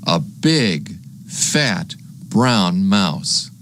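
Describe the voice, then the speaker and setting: A man teaching young children animal names, spelling each word slowly letter by letter and making animal sounds. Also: low voice, very animated, background noise.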